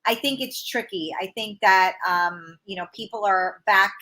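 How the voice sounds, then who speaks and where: A woman's voice: medium pitch, moderate pace, sharp tone. A woman hosting a talk show, chatting casually and reading out viewer comments. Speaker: host. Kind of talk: casual chat.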